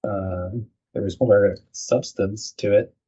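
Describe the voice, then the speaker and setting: A man co-hosting a casual podcast chat, jokey and quick to act out characters. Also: lowish voice, steady tone, mellow, breathy edge. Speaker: podcast co-host. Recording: dull lo-fi recording.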